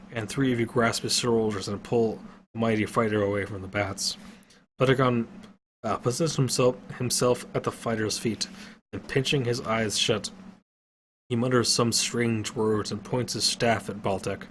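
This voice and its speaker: A man reading an adventure story aloud, steady with occasional slips and self-corrections. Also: mid-range voice, normal speed, a little hiss or hum.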